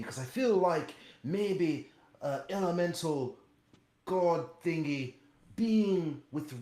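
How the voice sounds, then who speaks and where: A man's voice: fairly high pitch, a little mellow. Rambling male player in an echoey room. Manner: rambling, laughing, playful. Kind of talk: casual tabletop role-play.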